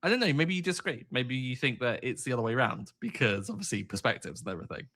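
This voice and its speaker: Give me a man riffing on a film in casual podcast chat, mid-pitched with a lively, swinging delivery. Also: quick pace. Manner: animated, exaggerated outrage, rambling. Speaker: podcast co-host.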